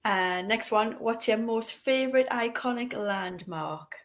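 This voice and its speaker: A woman with a Northumbrian accent co-hosting an interview, casual and laughing. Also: fairly high pitch. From North East England. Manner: slow, lively, laughing. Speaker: podcast co-host.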